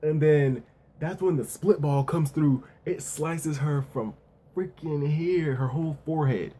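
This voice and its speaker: A man's voice: fairly high pitch, unhurried, warm tone, husky. A man casually reviewing a manga chapter, talking loosely in slang with plenty of "yo" and "you know what I'm saying.".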